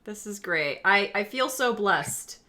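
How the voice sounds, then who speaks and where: A woman's voice: medium pitch, expressive, slow pace, pushed and bright. A woman hosting a tabletop horror game, chatting casually over a video call in a giggly, playful way. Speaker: game master. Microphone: desk mic.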